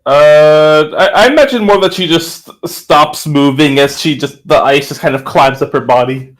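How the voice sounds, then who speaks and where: A man's voice: fairly high pitch, moderate pace, low-quality recording. Hesitant man at a game table. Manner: hesitant, stumbling over words. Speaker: tabletop player. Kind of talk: playing a tabletop game live.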